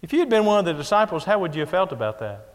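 Guy preaching a sermon, earnest and repetitive, kinda high voice, big echoey hall. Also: sing-song, racing. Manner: earnest, builds up in emphasis and repeats phrases. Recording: long echo of a large hall.

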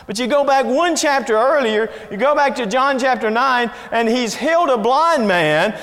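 A man's voice: extremely high pitch, fairly bright tone, big-room sound. A man preaching a sermon in an earnest, emphatic way, reading scripture and repeating key phrases.

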